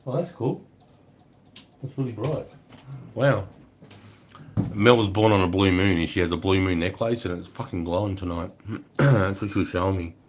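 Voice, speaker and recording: A man's voice: low-pitched, moderate pace, long pauses, a little hiss or hum. A middle-aged Australian man chatting casually on a livestream, swearing freely as he tells stories. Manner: swears freely, relaxed storytelling. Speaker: livestream host.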